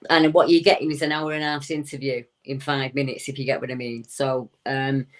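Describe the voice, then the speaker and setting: A woman's voice: very deep voice, flat delivery, fairly quick. A woman, a returning guest recounting a strange story in a chatty way with frequent hesitations. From United Kingdom.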